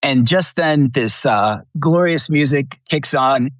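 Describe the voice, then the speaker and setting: A middle-aged man appears as a podcast guest, speaking slowly in a mid-range voice over a dry, clean studio recording. He earnestly tells a personal testimony, acting out the people he quotes, and grows emotional, at times close to tears.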